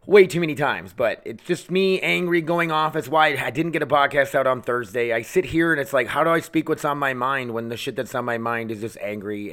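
An American man hosts his own podcast from home, his voice medium-pitched and a bit bright. He delivers an angry ranting monologue, blunt and loaded with swearing.

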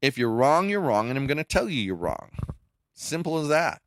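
Blunt, animated man on a podcast. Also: normal speed, no room sound, clean studio sound. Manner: blunt, emphatic, swings up in pitch when making a point. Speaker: podcast co-host. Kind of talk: casual chat.

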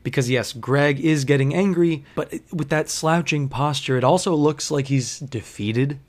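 A young man, a bartender, telling a story casually with lots of swearing and sarcasm. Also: medium pitch. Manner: profane, animated, sarcastic.

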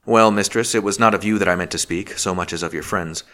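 A man reading the part of a passionate older magistrate who speaks harshly and forcefully. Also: low voice, quick pace. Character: passionate older male magistrate, gruff and stern.

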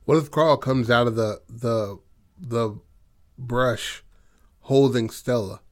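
A man in a casual chat, laying out film ideas in a halting, slang-filled way with lots of fillers. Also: medium pitch. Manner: halting, slangy, full of "like" and "you know what I mean". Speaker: co-writer planning a film.

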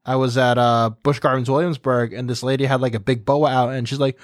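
A man's voice: medium pitch, level tone, a little fast, no room sound, studio quality. A man in casual podcast chat who muses aloud and drifts into joking asides. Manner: joking asides, musing and digressive. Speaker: podcast co-host.

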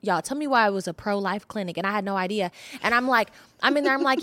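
A woman in her thirties with a Bay Area accent, co-hosting a podcast and telling stories in a blunt, profane, animated way. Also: medium pitch, quick pace, few pauses, dry recording. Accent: Bay Area Californian. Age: 30s. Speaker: podcast co-host. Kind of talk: casual chat.

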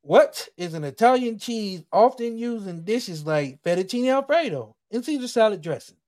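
Animated quiz host with a high voice. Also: male voice. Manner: joking, laughs often, reads clues slowly. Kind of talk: casual podcast quiz hosting.

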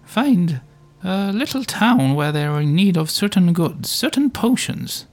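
At a tabletop game, a man speaks in character as Shrew, blustering like a theatrical, pompous adventurer. His voice sits high and swings widely in pitch, and he takes his time.

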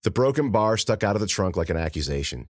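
A man narrating an audiobook in an expressive, animated reading style. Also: fairly low pitch, fast talker, no room sound.

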